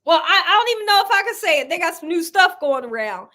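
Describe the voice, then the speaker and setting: A woman's voice: extremely high pitch, very animated, fast, pushed and bright. A woman hosting a casual cooking livestream, chatty and laughing often as she reads viewer comments aloud. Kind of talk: casual live chat reading viewer comments.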